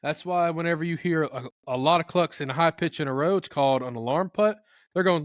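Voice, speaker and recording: Fairly high and a little quick, this man's voice comes through dry and studio-clean. As a guest expert, he energetically explains turkey calling in a casual how-to style, sometimes acting out turkey noises in silly voices.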